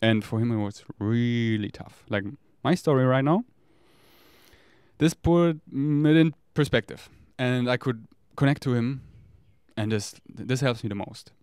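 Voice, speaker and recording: A man's voice: medium pitch, measured pace, darkish tone, smooth, dry recording, clean studio sound. A man talks in a candid, rambling, profane confessional monologue. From Germany. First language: German. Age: 30s. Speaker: vlogger.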